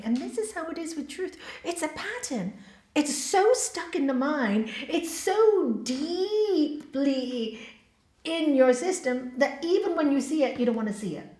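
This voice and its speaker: A woman giving a spiritual talk as a yoga teacher, telling stories in an animated, emphatic way and acting out the people she quotes. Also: on the high side. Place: hall. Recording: echoey hall.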